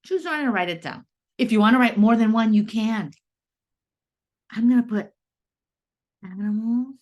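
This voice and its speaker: Lady teacher walking first graders through writing, slow drawn-out words, bouncy sing-song voice. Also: on the high side, a little mellow. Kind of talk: classroom writing lesson.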